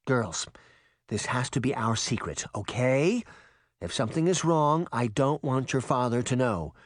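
Man as a careful young mother, lightly raised pitch, calm, storybook. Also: unhurried, no echo, clean studio sound. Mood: serious. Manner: calm, reassuring.

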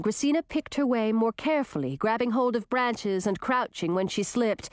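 A woman's voice: a little high, darkish tone, no echo. Woman narrating a storybook, dry sound. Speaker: audiobook narrator.

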